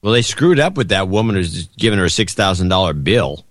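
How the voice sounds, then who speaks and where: A man's voice: low-pitched, very animated, a little fast, no echo, clean studio sound. A man co-hosting a podcast in casual chat, wry and grumbling. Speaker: podcast co-host.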